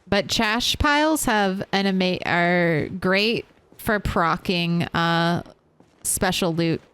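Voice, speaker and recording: A woman's voice: lowish voice, slow, a bit bright, clear, resonant tone, no echo. A woman streaming a survival game, chatting casually and answering her chat as she plays. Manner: chatty, reads and answers chat while playing.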